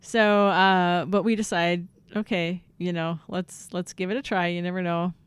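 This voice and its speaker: A woman, a mother co-hosting a podcast with her son, telling funny family stories in casual chat and acting out her own past shouts. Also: on the low side, flat delivery, measured pace, smooth, dry recording.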